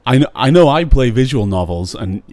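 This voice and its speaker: A man's voice: medium pitch, animated, a little fast, darkish tone, dry recording. A young man co-hosting a podcast, talking casually and ranting bluntly with plenty of swearing. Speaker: podcast co-host. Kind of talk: casual chat.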